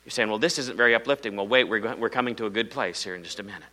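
A middle-aged male preacher from Iowa with a lowish, strikingly bright and forceful voice. He tells his story in a dramatic sermon style. Loud pushes alternate with hushed low passages, and a faint hum sits behind him. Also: racing, poor audio.

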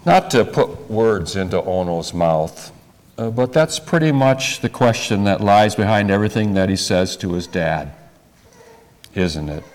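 A male preacher delivering a sermon, talking deliberately and putting rhetorical questions to his listeners. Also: on the low side, lively intonation. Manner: deliberate, rhetorical questions to the congregation, repeats words.

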